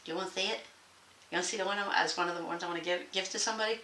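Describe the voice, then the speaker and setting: A woman's voice: lowish voice, fairly even intonation, very fast, sharp tone. Folksy woman rambling in an echoey room. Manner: folksy, rambling, laughs often. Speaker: sewing channel host. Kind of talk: casual chatty vlog. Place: home sewing room. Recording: echoey room, faint noise.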